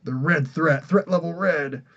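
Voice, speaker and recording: A man's voice: fairly high pitch, unhurried, fairly bright tone, dull audio. A man from New Jersey hosting a casual comics podcast livestream, tired and rambling, laughing often. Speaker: podcast host.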